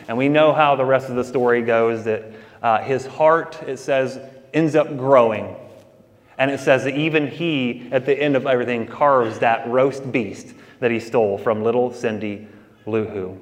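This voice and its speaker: A man's voice: mid-range voice, measured pace, long reverb tail. A man preaching a sermon as pastor, talking to the congregation in a conversational way with casual asides.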